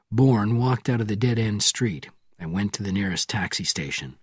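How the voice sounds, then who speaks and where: A man narrating a thriller audiobook in a measured, steady reading. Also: on the low side, husky, no room sound, clean studio sound.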